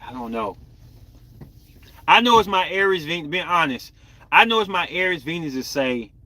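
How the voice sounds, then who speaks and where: A young man hosts a casual live chat. He talks candidly and rambles to his viewers. His voice is bright and sits a little high. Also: lively intonation, fairly quick, no echo. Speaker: podcast host.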